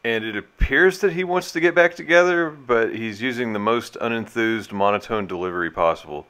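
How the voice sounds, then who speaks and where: A man co-hosting a casual reaction video, with dry, deadpan humor. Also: mid-range voice, brisk, hardly any pauses, clean tone. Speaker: co-host.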